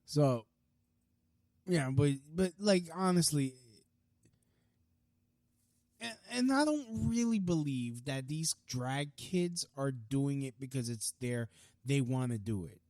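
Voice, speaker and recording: A man's voice: mid-range voice, lively intonation, a little mellow, dry recording, studio quality. A young man hosting a podcast, delivering a heated, profane ranting monologue full of restarts. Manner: heated, profane, fast-talking with many restarts. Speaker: podcast host.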